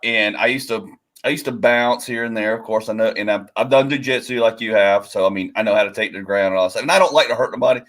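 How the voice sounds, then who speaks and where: A man co-hosting a podcast, chatting casually in a relaxed, rambling way. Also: lowish voice, fast. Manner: relaxed, agreeable backchannels, rambling. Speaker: podcast co-host. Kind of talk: casual chat.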